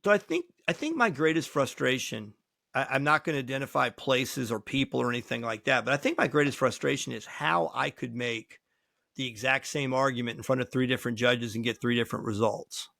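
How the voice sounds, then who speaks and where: A man who is a lawyer, hosting a casual talk show and telling folksy, animated stories on a close mic. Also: mid-range voice, a little fast, creaky, no room sound. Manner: folksy, animated anecdotes with acted quotes. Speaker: lawyer and podcast host.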